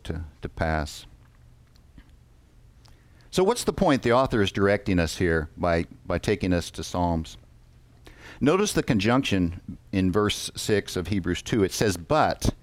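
With a low, darkish voice, a man gives a sermon recorded with no room sound. He reads scripture aloud in measured fashion and draws the congregation in by asking questions.

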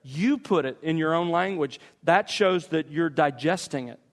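A man delivers a sermon on meditating on scripture, leaning on key words and pausing with care. His voice sits slightly high for a man. A long reverb from the large hall trails after every line. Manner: measured, emphatic teaching with deliberate pauses. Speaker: pastor.

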